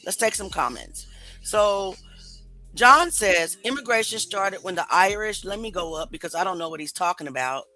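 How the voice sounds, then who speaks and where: Woman host, bright voice, skeptical, talks to her viewers, light music behind. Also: on the low side, lively intonation, moderate pace, low-quality recording. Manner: skeptical, rhetorical questions to viewers. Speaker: commentary show host. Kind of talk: casual commentary.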